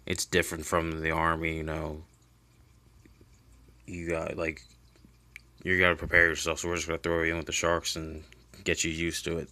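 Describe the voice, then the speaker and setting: Flat-voiced man recapping a comic. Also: very deep voice, moderate pace, pauses often, dry recording. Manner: loose and rambling, many fillers and restarts; offhand, swears casually. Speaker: comic book reviewer.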